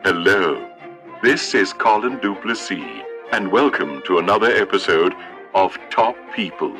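This is a stiff, formal interview host in a parody sketch, played by a man. His voice is bright and animated. Faint music sits underneath. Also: low-pitched, measured pace, full character voice. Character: male TV interview host in a spoof. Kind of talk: comedy sketch.

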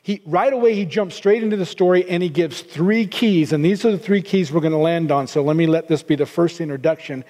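Middle-aged male pastor, high and mellow, earnest sermon delivery with restarts; long hall reverb. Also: brisk, few pauses. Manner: earnest, repeats words while restarting.

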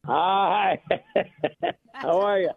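A man calling in as a chef guest, plainspoken and relaxed as he explains. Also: high-pitched, drawn-out words, breathy edge. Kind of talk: phone interview. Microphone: phone. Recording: tinny phone line.

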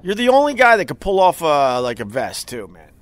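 A man hosts a podcast in loose, casual chat and tells stories by acting out the people he meets. His voice sits somewhat high for a man and swings widely in pitch as he does each character. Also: a little fast, a crowd in the background. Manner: animated storyteller, acts out the people he quotes. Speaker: podcast host.

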